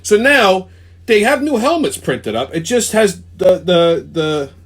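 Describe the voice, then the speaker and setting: A man's voice: high-pitched, big pitch swings, a little slow. A man, hosting a ranting weekly commentary, heated and swearing constantly. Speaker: show host.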